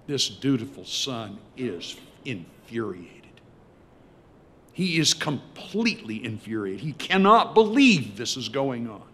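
A male preacher telling a story in a sermon, swinging between loud emphasis and hushed tones. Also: mid-range voice, very animated, takes it slowly, slightly rough.

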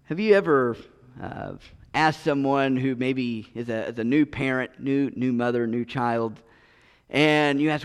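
A man's voice: medium pitch, unhurried, clean tone. A man preaching a sermon as pastor, earnest, often repeating and restarting his words. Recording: long reverb of a large hall.

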